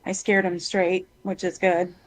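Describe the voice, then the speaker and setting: A woman in casual chat with a friend, blunt and quick to swear, acting out what her son said as she tells it. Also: on the low side, flat delivery, low-quality recording. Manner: blunt, swears freely, retells her son's words.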